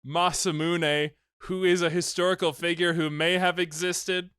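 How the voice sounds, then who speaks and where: Bright, crisp male co-host, dry close mic, animated and profane. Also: high voice, moderate pace, no echo. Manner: animated, swearing, laughing. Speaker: podcast co-host recapping a film. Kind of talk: casual chat.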